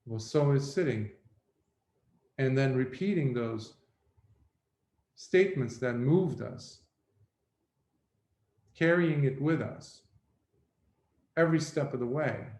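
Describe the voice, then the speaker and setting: A Buddhist monk giving a reflective dharma talk, telling a story slowly with pauses. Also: male voice, mid-range voice, darkish tone. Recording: roomy echo.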